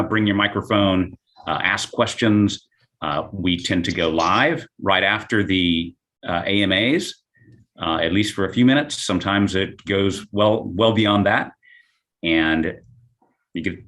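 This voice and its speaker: A man with a notably low voice co-hosts a live stream. His manner is easygoing and agreeable, and he explains things in a relaxed, casual tone. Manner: easygoing, agreeable, quick to laugh along. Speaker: co-host.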